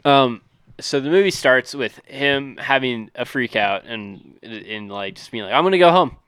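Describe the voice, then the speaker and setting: A man's voice: medium pitch, fairly even intonation, measured pace, fairly bright tone, smooth, dry recording. A man co-hosting a podcast, summarizing a film in a rambling way with many fillers. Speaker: podcast co-host. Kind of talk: casual podcast chat.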